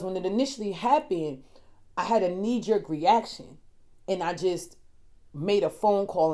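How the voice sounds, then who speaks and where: A woman life coach giving a motivational talk, preachy and repetitive, moving from hushed storytelling to loud exhortation. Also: lowish voice. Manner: preachy, emphatic and repetitive, addresses listeners as y'all. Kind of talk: motivational self-help talk.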